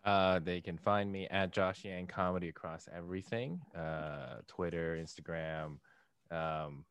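A comedian chatting casually on a podcast in a flat, monotone voice. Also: male voice, deep voice, a little slow, clean tone. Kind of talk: casual chat.

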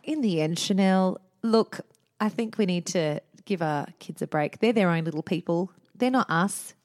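A woman's voice: lowish voice, normal speed, a little mellow. A woman co-hosting a podcast in casual chat, teasing and playful. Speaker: podcast co-host.

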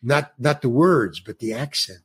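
As a podcast guest, a New York man in his eighties tells a rambling story, playing out the quoted lines himself. His mid-range voice is slightly rough, with lively intonation and a normal pace.

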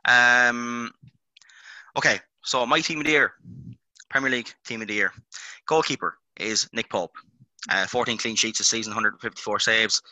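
A man's voice: medium pitch, moderate pace, pauses often, pushed and bright, no room sound, poor audio. An Irishman hosting a podcast, teasing his co-host in casual banter. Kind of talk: casual chat.

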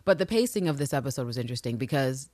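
A woman co-hosting a podcast in casual chat, animated and profane, swinging between loud rants and low asides. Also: rapid-fire, no echo, studio quality. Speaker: podcast co-host.

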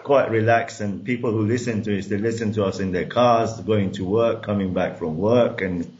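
A man hosting a football podcast, chatting in a relaxed, easygoing way with many fillers, on a dull lo-fi recording. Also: on the low side, moderate pace. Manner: easygoing, many "uh" and "you know". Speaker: podcast host. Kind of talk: casual interview. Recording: dull lo-fi sound.

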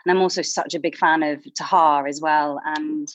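A woman from Blackpool, an actress guest on a podcast, telling stories in a chatty, animated way with many asides. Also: low voice, normal speed, dry recording, highs cut off. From Blackpool, England. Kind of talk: interview.

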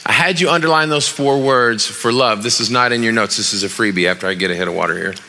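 A middle-aged man preaching a sermon as pastor in a church, telling stories with animated quoted voices and reading scripture aloud with rising emphasis. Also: medium pitch, fast talker. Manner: animated storytelling with acted quotes.

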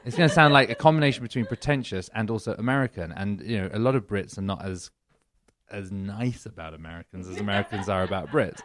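A man's voice: on the low side, quick pace, fairly bright tone. A man with an English accent, a comedy duo member chatting in a podcast interview, rambling and self-deprecating with frequent laughs. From England.

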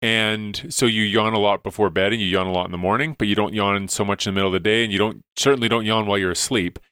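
A man's voice: fairly low pitch, steady tone, quick pace, pushed and bright, clean tone, dry recording. Chatty science-explaining man, dry sound. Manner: enthusiastic, explains studies with many "like"s. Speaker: science educator guest. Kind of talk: casual podcast chat.

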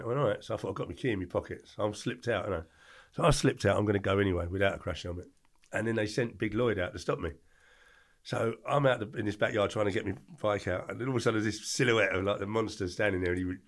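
An older Englishman with a gravelly voice tells his story at a quick clip. He talks casually in an interview and switches into the other people's voices as the story goes. He sounds lively and animated throughout. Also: lowish voice. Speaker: podcast guest, former doorman.

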